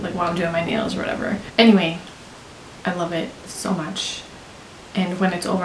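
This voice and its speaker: A young American woman chatting in a gushing, talkative way, full of "like", as a beauty vlogger. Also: mid-range voice. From United States. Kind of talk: casual chat. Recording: roomy with faint hiss.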